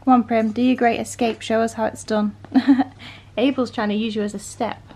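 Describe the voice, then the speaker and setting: A woman's voice: a little high, little pitch movement, normal speed, warm tone. Chatty woman vlogging at home. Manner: chatty, rambling, with frequent ums. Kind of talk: casual vlog chat. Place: home with puppies.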